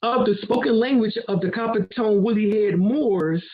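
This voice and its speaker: A man's voice: high voice, normal speed, a little hiss or hum. A man co-hosting a casual discussion, loose and conversational, laughing and swearing as he explains. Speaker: co-host. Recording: dull lo-fi sound.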